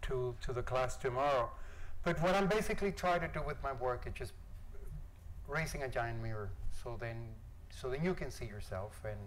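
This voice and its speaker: A man giving an informal lecture about his art, talking in a halting, musing way with many pauses and fillers. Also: mid-range voice, fairly bright tone, a little hiss or hum, rough recording. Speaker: visiting artist giving a lecture.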